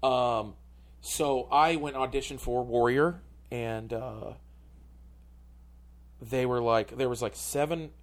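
A man's voice: mid-range voice, slow, pauses often. A male comedian telling a story on a podcast, rambling and full of filler words. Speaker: comedian guest.

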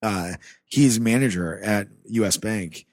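This Rust Belt man, guesting on a podcast, recounts a story from his own life in an animated, casual way, swearing plenty and acting out the dialogue. He speaks slowly in a lowish voice, and the studio recording is clean and dry.

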